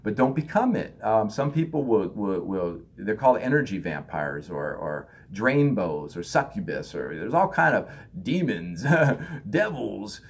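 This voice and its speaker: Man, husky and low, casual spiritual teacher who acts out other people's lines. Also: very animated, a little slow. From United States. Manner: loose, conversational, acts out others in raised voices. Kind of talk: spiritual talk.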